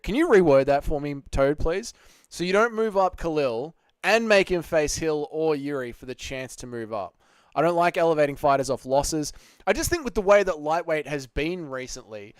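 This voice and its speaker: Aussie guy on a live q&a reading chat and pushing back, smooth voice, dry sound. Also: a little high, no room sound. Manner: reads chat comments aloud and argues back. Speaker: livestream host answering chat.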